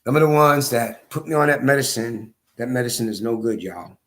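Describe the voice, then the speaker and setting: A hoarse man telling his story in a casual monologue, repeating his points for emphasis. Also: medium pitch, a little fast. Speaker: vlogger.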